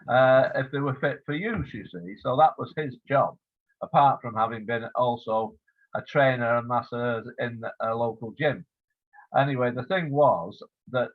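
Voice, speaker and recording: An older man from England recalls old times at an easy, rambling pace, full of ums and small restarts. His voice sits in a middle register. The sound comes through thin and phone-like, as if over a video call. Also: medium pitch. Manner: warm storytelling with fillers, acts out quoted voices. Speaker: author interviewed about his biography. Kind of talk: relaxed reminiscing interview. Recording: phone-like lo-fi line.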